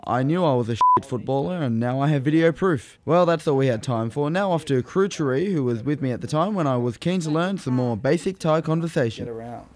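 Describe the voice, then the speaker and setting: A man's voice: fairly high pitch, animated, a little fast, few pauses. A man with an Australian accent hosting a casual travel show, cheeky and self-deprecating. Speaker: host.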